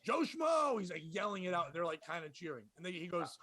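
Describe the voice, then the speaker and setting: A man telling a comedy club story in casual chat, animated and profane, laughing as he goes. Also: fairly high pitch, fast. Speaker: podcast host and comedian.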